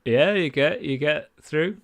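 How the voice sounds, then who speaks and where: A man's voice: on the high side, unhurried. A man running a tabletop game as game master, narrating with frequent ums and restarts. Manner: hesitant, full of ums and restarts.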